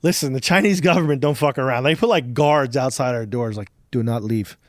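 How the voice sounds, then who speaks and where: A man's voice: mid-range voice, brisk, no echo, clean studio sound. A man in his thirties hosting a podcast, telling stories in a rambling, profane, casual way full of fillers. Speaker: podcast host.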